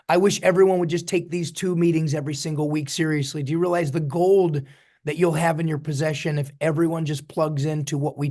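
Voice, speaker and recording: High-voiced, energetic motivational man. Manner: energetic, preachy, repeats phrases. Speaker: network marketing mentor. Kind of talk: motivational talk on a video call.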